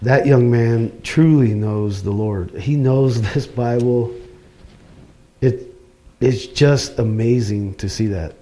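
A man's voice: mid-range voice, slow pace, warm tone. A middle-aged man giving an informal, earnest church talk, speaking personally and conversationally. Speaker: lay preacher.

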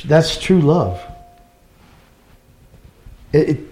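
A man's voice: on the high side, very animated, extremely slow, warm tone. A middle-aged man giving an informal, earnest church talk, speaking personally and conversationally. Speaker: lay preacher.

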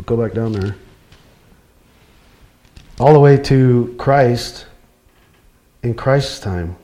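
A man's voice: mid-range voice, warm tone. A middle-aged man giving an informal, earnest church talk, speaking personally and conversationally. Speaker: lay preacher.

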